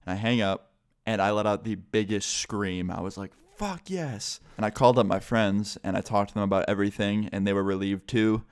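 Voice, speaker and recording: A man's voice: lowish voice, flat delivery, a little fast, smooth. A young man telling a story on his vlog in a laid-back way, swearing and saying "like" constantly. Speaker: YouTuber.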